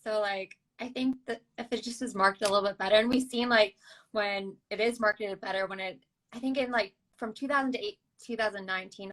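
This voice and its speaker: A woman's voice: mid-range voice, creaky, a bit bright, low-quality recording. A woman ultrarunner talking as a guest on a podcast, in an easygoing, chatty way full of casual fillers. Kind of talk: casual interview chat.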